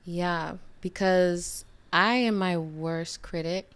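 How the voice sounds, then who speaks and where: A young woman, a mother, giving casual advice in a reflective, lively way. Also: on the low side, slow, clear, resonant tone. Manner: reflective, animated when acting out inner voices. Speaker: guest mother.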